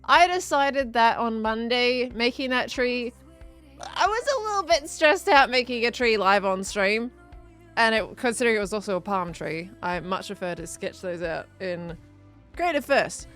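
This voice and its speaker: An Australian woman in her thirties hosts a live game stream, chatting easily and reading viewer comments aloud between bits of play. Her voice sits a little high for a woman, and faint game music plays softly behind her. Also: animated, moderate pace. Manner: chatty, greets viewers and reads chat aloud, frequent laughs. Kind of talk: casual live-stream chat while playing.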